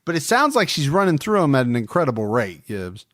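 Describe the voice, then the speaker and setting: A man hosting a true-crime podcast in casual chat, relaxed and talkative. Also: mid-range voice, a little fast, no echo, clean studio sound. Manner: relaxed, chatty, fond of the listeners. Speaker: podcast host.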